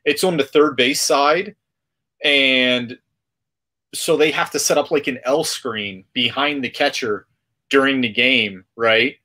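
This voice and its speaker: A man's voice: mid-range voice, takes it slowly. A man hosting a hobby podcast, casually retelling a trip story with lots of fillers. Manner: rambling, animated retelling with filler words. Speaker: podcast host.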